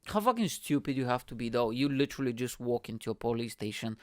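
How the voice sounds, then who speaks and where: A young man hosting his own podcast, chatting in a rambling, profane, animated way. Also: mid-range voice, quick pace, no echo, studio quality. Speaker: podcast host. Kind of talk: casual solo podcast rant.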